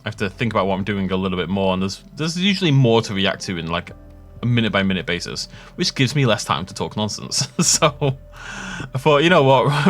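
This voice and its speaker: A man's voice: on the low side, fairly bright tone. A young man rambling and joking as he plays, self-mocking and chatty. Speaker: gaming YouTuber. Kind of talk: rambling gameplay commentary.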